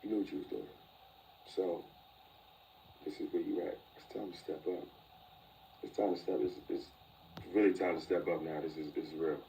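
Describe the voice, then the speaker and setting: Deep gravelly man, subdued. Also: steady tone, normal speed, long pauses, dark tone, recorded from a distance, a little hiss or hum, poor audio. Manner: low-key, reflective, drops to near-whispers. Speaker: interview guest. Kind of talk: candid personal storytelling.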